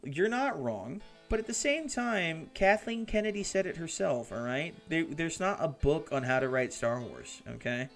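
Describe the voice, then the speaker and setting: A man's voice: on the high side, animated, moderate pace, gravelly, hardly any pauses, a bit bright. A man hosts a casual hobby live stream at his desk mic. He banters animatedly, swears and laughs easily, and reads out chat messages as they come in. Faint music plays behind him.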